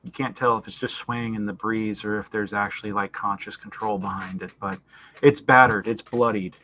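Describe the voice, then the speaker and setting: A man running a tabletop game as game master, painting scenes in detail. His voice is bright and forceful, and he often pauses and restarts mid-sentence. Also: fairly low pitch, steady tone. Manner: descriptive, with frequent fillers and restarts.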